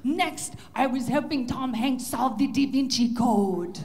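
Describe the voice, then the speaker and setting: A woman comedian voicing her excitable male pug, who bursts in shouting about a crazy dream. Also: high voice, unhurried, in a large hall. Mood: frantic, excited. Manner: shouting, wide-eyed and frantic.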